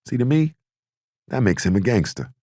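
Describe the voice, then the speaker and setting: Man playing a cocky young mob son, brash, streetwise, husky voice, audiobook. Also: medium pitch, very animated, normal speed, dark tone, dry recording, clean studio sound, voice pushed up.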